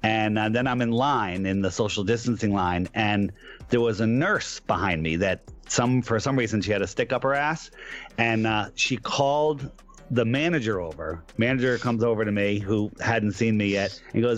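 A man's voice: lowish voice, normal speed. A man telling an anecdote on a talk show, acting out the people in his story. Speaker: guest.

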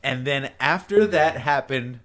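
A man's voice: medium pitch, a little slow, over a noisy crowd. A young man co-hosting a podcast, telling stories in a loose, rambling and jokey way. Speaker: podcast co-host. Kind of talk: casual storytelling chat.

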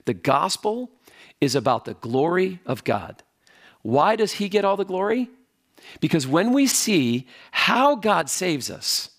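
A man preaching a sermon in a conversational way, with fillers and quick asides. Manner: conversational preaching with lively pitch and filler words. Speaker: pastor.

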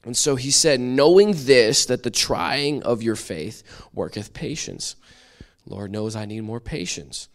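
A man teaching a church Bible study, conversational and lively, acting out little quoted voices as he explains. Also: medium pitch, unhurried.

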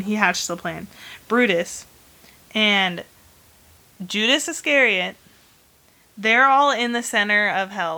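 Female host, mid pitch, bright and sharp tone, chatty rambling storyteller with a playful streak. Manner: animated retelling of history with bursts of humor. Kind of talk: casual chat.

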